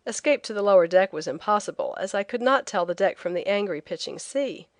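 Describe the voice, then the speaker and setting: Woman, audiobook narrator, travel memoir, clear, lively storytelling, middle pitch, dry. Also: brisk, no room sound.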